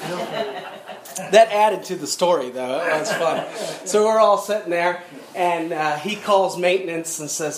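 A man's voice: sits high, measured pace. Guy preaching a sermon, tells stories, chuckles, church echo all around. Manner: storytelling with quoted scripture and chuckles. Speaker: pastor. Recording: echoey room.

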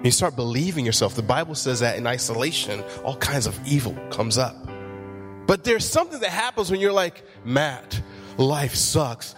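A man's voice: medium pitch, big pitch swings, a little fast, fairly bright tone, soft background music. A man, a pastor, preaching a sermon in church and telling funny stories with acted-out quotes. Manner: humorous storytelling, acts out quotes.

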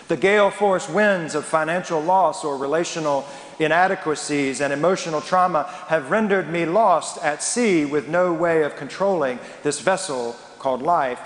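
A man's voice: a little high, normal speed. A man preaching a sermon as a pastor, emphatic and dramatic, asking rhetorical questions. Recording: echoey hall with long reverb.

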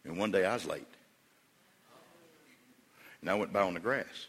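A man preaching from the pulpit of a church sanctuary, his voice bright and forceful. He drops to a hushed storytelling tone, then rises into loud, emphatic calls to the congregation. A long reverb trails every phrase. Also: sits low, normal speed, husky. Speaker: pastor. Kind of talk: sermon.

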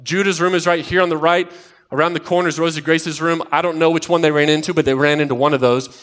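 A man in his thirties delivers a sermon in a fairly high, bright-toned voice. He moves from lively storytelling to emphatic, repeated declarations. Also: fast. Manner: animated storytelling, rising to emphatic repeated lines. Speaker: pastor. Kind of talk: sermon with personal stories.

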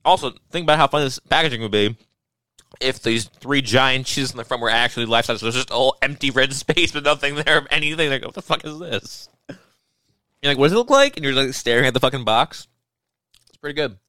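Fast-talking young man, bright voice. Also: mid-range voice, no room sound. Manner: profane, rambling storyteller. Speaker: podcast co-host. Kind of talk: casual comedic chat.

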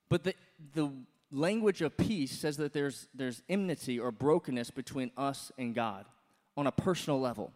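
Man preaching in a reverberant hall. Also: fairly high pitch. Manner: conversational, animated preaching with frequent fillers and restarts. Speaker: pastor. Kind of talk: sermon.

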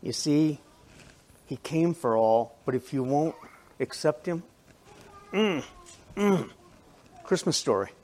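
A man preaching to a biker church congregation, conversational and animated, with restarts and asides. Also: fairly high pitch, slow pace, pauses often. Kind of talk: sermon.

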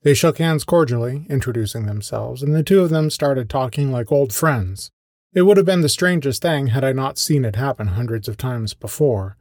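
A man narrates his own story in a wry, understated voice of ordinary pitch. The sound is close and dry, with no room around it. He sounds scripted but relaxed, like a podcast host reading aloud. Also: normal speed, no echo. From American Midwest. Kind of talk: scripted first-person storytelling.

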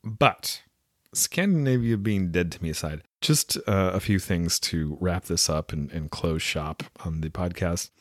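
A man's voice: deep voice, normal speed, hardly any pauses, dry recording, clean studio sound. A man with a West Coast Canadian accent, a podcast host and audiobook reader chatting casually in a jokey, self-deprecating way. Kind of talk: casual chat.

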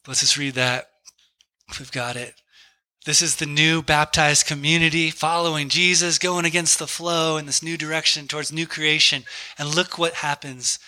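A man in his thirties preaching a sermon, telling a story and acting out a friend's excited quotes. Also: a little high, normal speed. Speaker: pastor.

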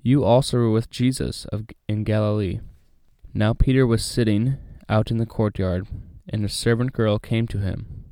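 A man reading a Bible passage aloud and then talking it over in a relaxed, chatty way with many fillers. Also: lowish voice, moderate pace, dry recording, studio quality. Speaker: Bible study host. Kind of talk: casual Bible reading and commentary.

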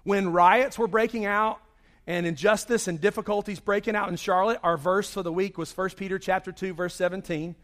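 After an opening prayer, a pastor delivers a conversational sermon in a high voice at a moderate pace. His voice sounds a little worn from singing, and he tells stories in an animated way.

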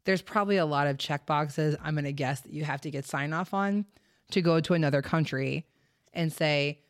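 A woman's voice: sits low, normal speed, no room sound, clean studio sound. A woman hosting a true crime podcast, telling the story in casual, chatty talk full of fillers and the odd swear word. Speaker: podcast host.

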